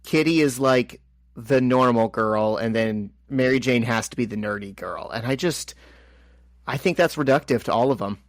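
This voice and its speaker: A man's voice: mid-range voice, moderate pace, no echo, clean studio sound. Wry man co-hosting a podcast. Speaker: podcast co-host. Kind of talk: casual chat about comics.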